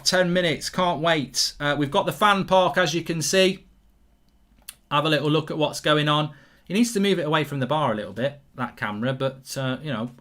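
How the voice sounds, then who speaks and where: A man's voice: fairly high pitch, fairly bright tone. A man hosting a live football watchalong, chatty, jokey and rambling as he reads out viewer comments. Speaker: host.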